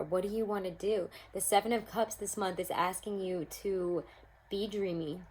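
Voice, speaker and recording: A woman's voice: medium pitch, fairly quick, a little mellow, slight background noise, rough recording. A young woman giving a casual, upbeat tarot reading to camera at home, speaking straight to her viewers. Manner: chatty, upbeat, addresses viewers as guys. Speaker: tarot reader. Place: home room.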